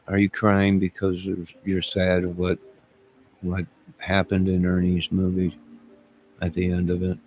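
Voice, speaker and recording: A man's voice: deep voice, monotone, a little slow, long pauses, lo-fi sound, faint music behind. A man talking to his camera in a rambling casual monologue, telling a story with asides and chuckles. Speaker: vlogger.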